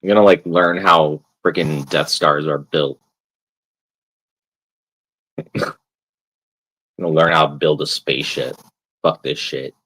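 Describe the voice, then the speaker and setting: A man's voice: extremely low pitch, fairly even intonation, unhurried, pauses often, a bit bright, low-quality recording. A man streaming live, ranting casually while he plays a game, swearing often and padding his talk with "like". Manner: rambling, swears constantly, fills with "like". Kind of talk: casual profane rant while gaming.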